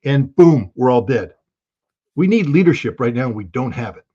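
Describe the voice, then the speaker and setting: A man's voice: mid-range voice, big pitch swings, moderate pace, mellow, husky, muffled recording. A man speaking as a guest analyst in an interview, blunt and emphatic, now and then bursting into alarm. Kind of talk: interview commentary.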